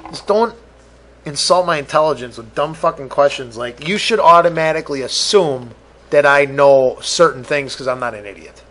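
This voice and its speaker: A man's voice: on the high side, normal speed, fairly bright tone. A man hosting a podcast, ranting profanely and exasperated, acting out both sides of imagined conversations. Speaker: podcast host. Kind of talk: solo rant podcast.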